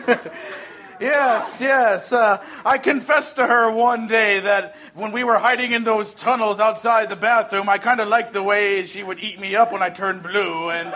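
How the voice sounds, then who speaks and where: A man's voice: high voice, fairly even intonation, measured pace, background noise. A man voicing Blinky as a smug ghost who boasts and gloats. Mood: gloating. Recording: audience laughter behind.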